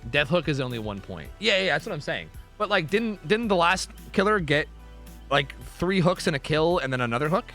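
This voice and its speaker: Male streamer, fairly high voice, very animated pitch, excitable, swears a lot, faint music behind. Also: brisk. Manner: excitable, profane, chatty with viewers. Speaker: streamer casting a match. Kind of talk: casual live-stream chat and game commentary.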